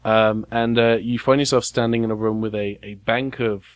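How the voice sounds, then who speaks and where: A man's voice: medium pitch, steady tone, moderate pace, no echo. A man narrating as game master in a tabletop game, hesitant and full of restarts as he describes scenes. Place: studio, recorded in a game shop.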